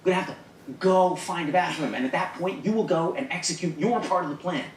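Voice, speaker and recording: A man's voice: sits high, fast talker, reverberant, recorded from a distance, a little hiss or hum, lightly acted. An actor playing a smug, manipulative man in a sitcom who lays out plans in a persuasive, condescending way. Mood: scheming. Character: smug, manipulative young man leading schemes. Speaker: sitcom character. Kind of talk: sitcom acting.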